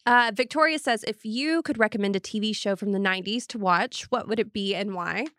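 A woman's voice: mid-range voice, fairly quick, fairly bright tone, no echo, studio quality. A young woman co-hosting a podcast, reading listener questions and chatting in a playful, casual way. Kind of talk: casual chat.

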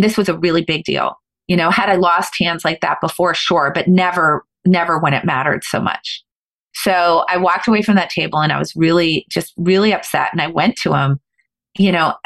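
A middle-aged woman, a podcast guest, telling a story in an animated, fast-flowing way with frequent restarts. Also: on the low side, gravelly. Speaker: guest, former professional poker player.

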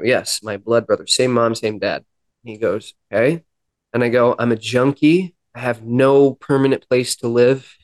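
A young man, a podcast guest, telling his personal story in an earnest, reflective way and often acting out the dialogue. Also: medium pitch. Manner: earnest, reflective, quoting himself and others in dialogue.

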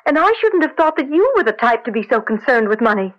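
An actress playing a gentle, earnest young woman who speaks softly and questioningly, in 1940s radio acting style on a lo-fi old radio recording. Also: a little high, sing-song, quick pace. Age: young adult.

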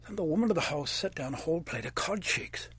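A man performing a story, animated, with chanting and sound mimicry. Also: a little high, fast, husky, dry recording.

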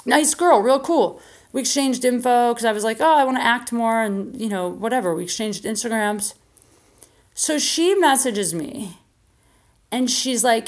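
A woman telling a comedic anecdote on her podcast, animated, acting out friends' lines and swearing freely. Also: measured pace. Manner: animated, acts out quotes with raised pitch, swears freely. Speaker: podcast host. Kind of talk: storytelling, casual comedic anecdote.

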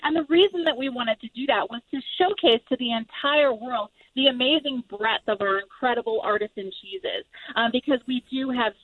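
A woman from the US East Coast, a marketing executive, interviewed on the radio by phone, bright and enthusiastic. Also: fairly high pitch, moderate pace, few pauses, dry recording. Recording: tinny phone line.

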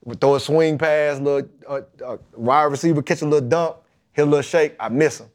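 Speaking fairly quickly in a voice on the high side, this Mississippi-born football player spins an animated, colloquial story during a podcast interview. He voices the various people in it himself.

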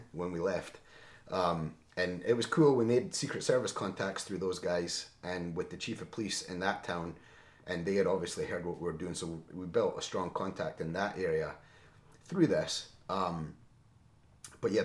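A middle-aged man, a former Marine and podcast guest, tells a tense story in a lively conversational way, often checking in with "right?". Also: low-pitched. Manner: animated, seeks agreement with frequent "right?". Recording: roomy echo.

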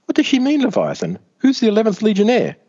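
A man voicing a scheming female villain in a gloating tone, pitched well above his own voice. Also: huge pitch swings, fast talker, dark tone, husky, exaggerated voice. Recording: dull lo-fi recording.

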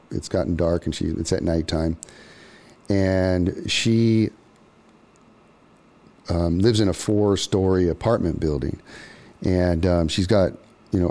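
Low mellow-voiced man telling a story. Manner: loose, lots of ums and restarts. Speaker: podcast host. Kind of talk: casual storytelling.

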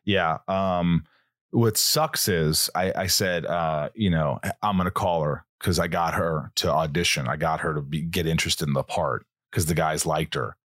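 A man's voice: a bass voice, steady tone, a little slow, a bit bright, no room sound, studio quality. A man from Southern Indiana hosting a podcast, chatting in a loose, joking way, swearing and laughing easily. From Southern Indiana, USA. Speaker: podcast host. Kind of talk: casual podcast chat.

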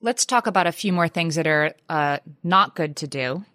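Low-voiced woman summing up advice. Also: bright, forceful tone, no room sound, clean studio sound. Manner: measured, sums up expert advice. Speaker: podcast co-host. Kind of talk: casual chat.

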